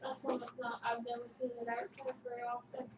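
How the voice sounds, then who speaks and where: A woman chatting casually beside a tabletop game, relaxed and talkative. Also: fairly high pitch, brisk. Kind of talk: casual chat. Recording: distant echoey room with noise.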